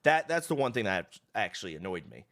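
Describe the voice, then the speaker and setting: A man's voice: on the low side, big pitch swings, a little fast, a bit bright. A young man, a streamer, casually telling a story to his stream, swearing and acting out the people he quotes.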